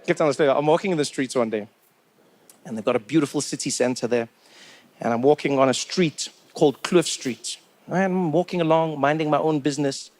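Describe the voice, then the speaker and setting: Chatty South African comedian, high-voiced man. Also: a little mellow. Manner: chatty, lots of "you know". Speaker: stand-up comedian. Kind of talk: stand-up comedy storytelling.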